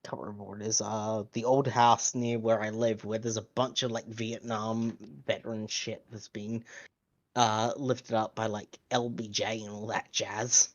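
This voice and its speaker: A man's voice: on the low side, level tone, unhurried, muffled recording. An Australian man chatting casually, rambling and joking. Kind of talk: casual chat.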